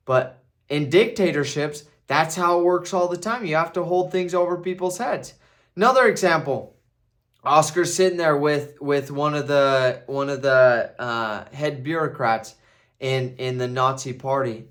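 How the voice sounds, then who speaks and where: A man's voice: mid-range voice, a bit bright. A man talking casually as a movie reviewer, restarting phrases and tagging his points with "right?". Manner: conversational, repeats himself, tags "right?". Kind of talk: casual video commentary.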